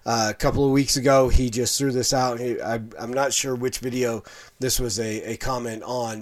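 A middle-aged man talks through a casual online commentary in an ordinary mid-pitched voice. He rambles and circles back, with plenty of fillers and false starts. It sounds like one person talking straight to his viewers. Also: steady tone, normal speed. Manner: rambling, full of fillers and restarts.

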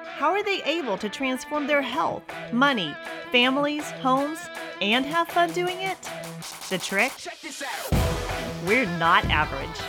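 A woman hosting a show for moms, chatting to the camera and telling a story in an expressive way, often laughing. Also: high voice, a little slow, over music.

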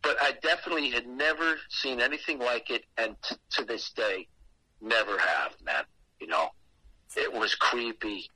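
A man's voice: medium pitch, normal speed, pushed and bright, slightly rough, no echo, poor audio. A man telling a story casually and animatedly, with lots of swearing.

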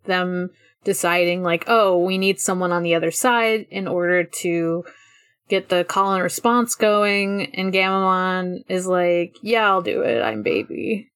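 A woman's voice: fairly low pitch, steady tone, a bit bright, clean tone, dry recording. Rambling woman co-host, dry close sound. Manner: rambling, many fillers and restarts, quick bursts. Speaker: podcast co-host. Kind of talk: casual chat recapping a cartoon episode.

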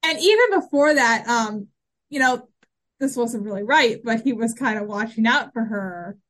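A woman's voice: a little high, animated, moderate pace, a bit bright. A woman co-hosting a podcast in casual chat, rambling and getting emotional as she talks. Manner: rambling, gets emotional and laughs. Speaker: podcast co-host.

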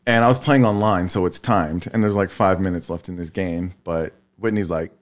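A man in his thirties telling a family story in casual chat, tired, swearing freely and leaping up in pitch when he quotes people. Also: moderate pace. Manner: animated storyteller, swears freely, jumps high when quoting. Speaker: podcast co-host.

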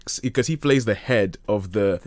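A man's voice: lowish voice, expressive, moderate pace, a little mellow, no room sound. A man hosting a film podcast, chatting casually, rambling and correcting himself as he goes. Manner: rambling, with self-corrections and laughs. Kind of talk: casual chat.

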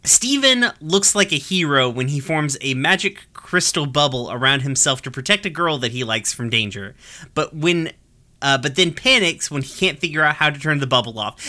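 Bright, chatty podcast host with frequent laughter. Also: mid-range voice, normal speed. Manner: animated, swears freely, laughs often; chatty with many fillers and restarts. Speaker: podcast host recapping an episode. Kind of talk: casual chat.

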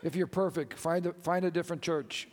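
A man's voice: fairly high pitch, a little fast, in a large hall. A male pastor preaching a passionate, exclamatory sermon to his congregation in a church sanctuary.

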